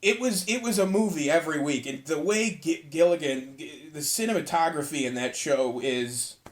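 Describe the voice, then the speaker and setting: Tired from cleaning, a young man hosts his podcast solo, rambling loosely and swearing freely in a casual rant. He has a fairly high voice and a moderate pace.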